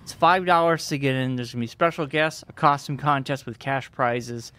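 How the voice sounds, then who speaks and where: A man's voice: mid-range voice, moderate pace, bright, forceful tone, smooth. A man co-hosting a casual podcast, upbeat and promotional as he plugs events, recorded in a studio. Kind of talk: casual chat. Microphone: studio mic.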